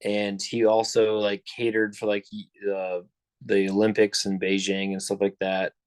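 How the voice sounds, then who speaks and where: A man's voice: on the low side, level tone, unhurried, a little mellow, clear, resonant tone, no room sound. A young man telling a long story on a casual podcast, rambling with lots of fillers and restarts. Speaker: podcast co-host.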